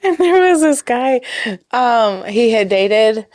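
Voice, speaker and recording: A giggly woman co-hosting a podcast, unhurried in her telling yet lively as she acts out each quote. Her voice sits a touch high. The sound is dry and close, with no room around it. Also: no echo. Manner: giggly, animated storytelling with acted-out quotes. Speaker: podcast co-host. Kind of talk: casual chat.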